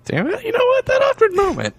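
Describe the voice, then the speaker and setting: A man co-hosting a casual podcast chat, throwing in quick wisecracks. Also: extremely high pitch, wildly swooping pitch, no room sound. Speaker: podcast co-host.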